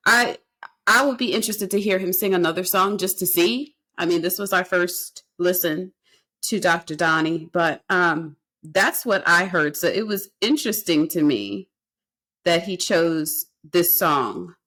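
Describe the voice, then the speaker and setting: A woman's voice: on the low side, measured pace, fairly bright tone. Woman podcast host, emphatic and repetitive. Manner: talks in emphatic, repeated statements. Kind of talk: casual chat.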